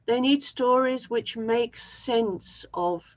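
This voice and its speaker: A workshop presenter who tells a children's story aloud, then explains it slowly and expressively. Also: medium pitch, rough recording. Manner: slow, expressive, with fillers and restarts. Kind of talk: storytelling and teaching talk.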